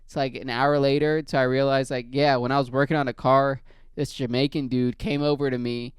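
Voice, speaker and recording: A man casually telling a rambling, profane story as a podcast host, in a low-key way. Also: flat delivery, fairly quick, smooth, dry recording, clean studio sound.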